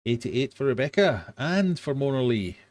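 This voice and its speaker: A man's voice: mid-range voice, big pitch swings, moderate pace, a little mellow, no echo. A man hosting a casual live-streamed quiz for fishkeepers, chatty and jokey with self-deprecating asides. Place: home fish room.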